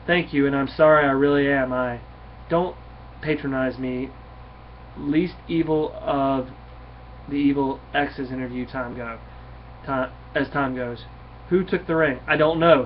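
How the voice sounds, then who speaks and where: A man's voice: medium pitch, slight background noise, lightly acted. A man reading out the lines of a sarcastic, wounded female ex-terrorist in rambling explanations, on a dull lo-fi recording.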